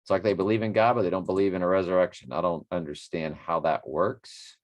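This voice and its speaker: Bible study host, man, deep voice, casual reading and commentary, slightly winded. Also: steady tone, brisk. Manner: rambling, self-correcting, reads scripture aloud. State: a bit winded after a workout.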